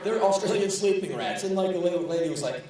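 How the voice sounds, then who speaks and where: A man's voice: high voice, lively intonation, fast talker, mellow. A man performing a profane, sardonic spoken word story on stage. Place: large live venue. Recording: echoey live hall, distant, audience laughing.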